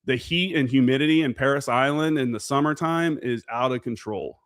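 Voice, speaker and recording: A man's voice: medium pitch, brisk, fairly bright tone, clear, resonant tone, no echo, studio quality. A man in his forties, a veteran guest on a podcast, telling stories in a casual, profane way and acting out the remembered dialogue. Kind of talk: casual storytelling interview.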